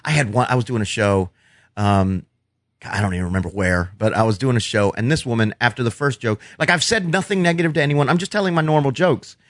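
Man, stand-up comedian, profane, animated storyteller, casual podcast chat, dry close mic. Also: mid-range voice, fast, dry recording.

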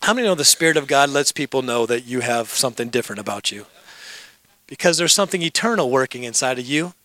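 A man's voice: mid-range voice, lively intonation, fast talker, sharp tone, dry recording. A middle-aged man preaching as pastor, telling stories and joking with the congregation. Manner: storytelling, joking asides with the congregation. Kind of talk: sermon.

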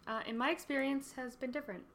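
A woman hosting a casual podcast, playful and quick with self-mocking quips. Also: sits high, steady tone, a bit bright, a little hiss or hum. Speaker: podcast host.

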